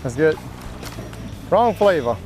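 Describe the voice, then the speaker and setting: A man's voice: fairly high pitch, sing-song, slow pace, rough recording. Easygoing man hosting a fishing show. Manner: easygoing, instructive, joking. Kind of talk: casual on-boat fishing commentary. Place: outdoors on a boat on the Gulf. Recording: background music over the voice.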